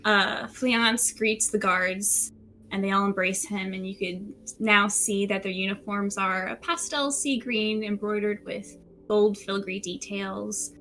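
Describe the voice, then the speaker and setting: Bright-voiced woman game master. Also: medium pitch, a little slow, slight background noise. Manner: relaxed storytelling with frequent fillers. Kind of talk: narrating a tabletop game. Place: room at home by a window.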